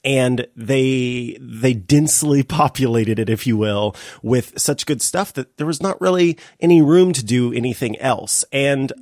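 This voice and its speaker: A man co-hosts a chat podcast in an animated, rambling way, often stopping and restarting mid-thought. His voice is mid-pitched for a man and recorded dry and close. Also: measured pace, hardly any pauses, no echo. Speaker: podcast co-host. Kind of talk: casual chat.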